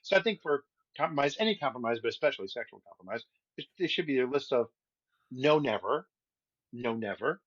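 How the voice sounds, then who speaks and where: A man's voice: mid-range voice, lively intonation, fairly quick, fairly bright tone, breathy edge, no room sound, muffled recording. A man co-hosting a podcast in casual chat, blunt and crude with a jokey edge. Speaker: podcast co-host. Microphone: remote call setup.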